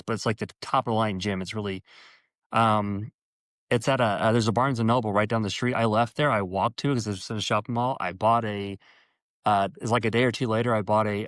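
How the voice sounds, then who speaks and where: Low-voiced man telling an earnest story. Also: a bit bright, dry recording. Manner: earnest, halting, with many restarts; acts out quoted dialogue with a jumping pitch. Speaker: interview guest. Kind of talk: personal storytelling in conversation.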